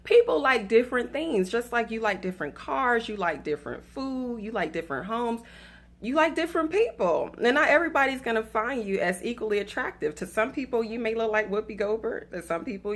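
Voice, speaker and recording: A woman's voice: fairly high pitch, animated, brisk, fairly bright tone. A woman from the US South with a Southern accent, giving faith-based dating advice in a chatty, playful way and talking straight to her viewers. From Atlanta, US South. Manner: chatty, playful, laughs at her own story; addresses viewers directly as y'all.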